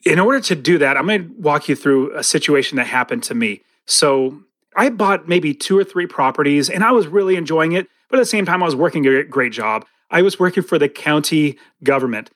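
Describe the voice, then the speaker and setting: A man's voice: fairly high pitch, animated, a little fast, a bit bright, dry recording. A man in his forties, a podcast guest, telling a vivid story about his past in an interview. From California. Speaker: podcast guest, real estate investor.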